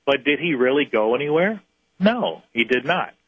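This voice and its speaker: A man's voice: mid-range voice, very animated, husky, no echo, lo-fi sound. A man who researches UFO experiences, earnestly recounting one of his cases in an interview and often restarting his phrases. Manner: earnest storyteller, halting restarts.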